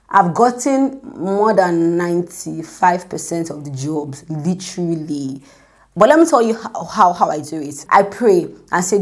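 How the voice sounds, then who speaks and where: Young woman, chatty faith talk, keeps checking in with her listeners, acts out voices when she quotes people. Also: medium pitch. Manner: conversational, repeats "do you get me?"; acts out quotes, drops to a whisper for prayers. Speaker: Christian speaker. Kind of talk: informal devotional talk.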